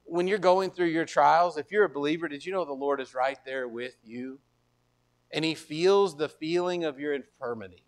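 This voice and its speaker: A man preaching a sermon, retelling scripture in everyday speech with frequent restarts and reading verses slowly in old biblical wording. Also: on the high side. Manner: reads verses aloud in old biblical wording, slow and deliberate. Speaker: pastor.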